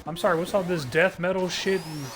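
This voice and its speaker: Man, fairly high voice, heated sarcastic rant, heavy swearing, stop-start delivery. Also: fairly even intonation, fairly quick, a little hiss or hum. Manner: profane, heated, sarcastic ranting with frequent filler restarts. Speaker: streamer. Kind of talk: ranting live stream commentary.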